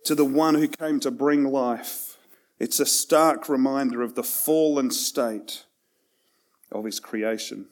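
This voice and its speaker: A man preaching a sermon in a conversational way, with self-deprecating asides, swinging between loud and hushed passages. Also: mid-range voice, steady tone, slow pace. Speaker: pastor.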